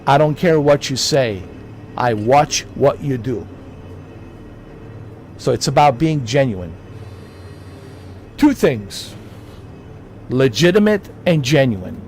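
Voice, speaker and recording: A man talks straight to his livestream chat in a loose, rambling way. He circles back over the same points, preaching at his viewers. A faint hum of traffic sits low behind him. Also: animated, takes it slowly, pauses often, a little mellow. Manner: rambling, preachy, repeats himself. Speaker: livestream host. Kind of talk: casual livestream talk to chat.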